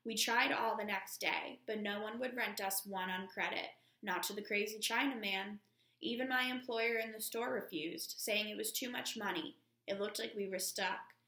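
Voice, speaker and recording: A woman teacher reading a novel aloud to her class at a steady pace, calling out each page number. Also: medium pitch, moderate pace, echoey room.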